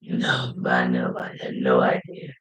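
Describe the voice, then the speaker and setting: An older woman, a mother interviewed on television, quietly and haltingly recounting how she learned of a death. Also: very deep voice, very animated, reverberant.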